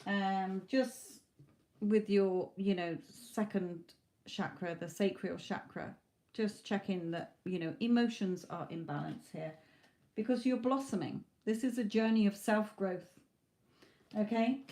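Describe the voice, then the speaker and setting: Lady doing tarot on a live stream, mellow darkish voice, worn out and losing her voice, keeps saying okay and you know. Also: mid-range voice, a little slow. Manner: chatty, reassuring, says okay and you know often. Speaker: tarot reader.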